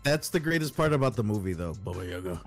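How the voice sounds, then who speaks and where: A man jokes around on a podcast, talking fast. His pitch swings widely as he repeats himself for laughs. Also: very animated, faint music behind. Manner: jokey, repeats lines for comic effect. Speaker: podcast co-host. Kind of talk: casual podcast banter.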